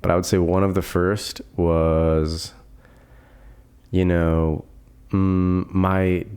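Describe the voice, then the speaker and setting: Podcast guest: man in his 20s, very deep voice, easygoing, rambling storyteller. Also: drawn-out words, smooth. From Florida. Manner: relaxed, rambling storyteller with laughs and fillers. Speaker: guest filmmaker. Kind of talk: casual podcast chat.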